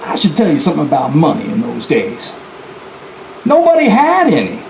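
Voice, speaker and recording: A man's voice: on the high side, huge pitch swings, moderate pace, creaky, a little mellow, echoey room, slight background noise, heavily acted, rough recording. A man playing a boastful, defiant male outlaw bank robber in a folksy first-person storytelling performance, talking straight to the audience. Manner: folksy, chatty asides to the audience. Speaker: historical reenactor. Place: live presentation venue, indoors.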